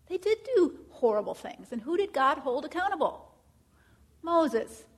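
A woman's voice: high-pitched, big pitch swings, measured pace. A woman teaching counseling students, asking rhetorical questions and acting out what clients say. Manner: asks many rhetorical questions, acts out clients.

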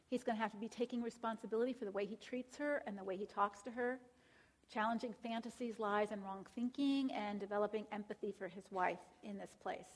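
A woman teaching a Christian counseling class in a conversational way, often checking in with the audience and quoting scripture aloud. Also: a little high. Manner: conversational, checks in with "all right?" and "right?".

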